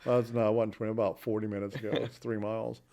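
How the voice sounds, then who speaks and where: A man's voice: lowish voice, flat delivery, fast talker, vocal fry, warm tone. A man in his fifties telling folksy, rambling anecdotes about his restaurant career in a casual interview. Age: 50s.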